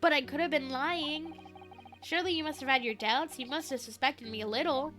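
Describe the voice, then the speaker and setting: A woman puts on a theatrical young male student from a story game, dramatic and florid. The voice sits high. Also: fairly quick, a bit bright, soft background music.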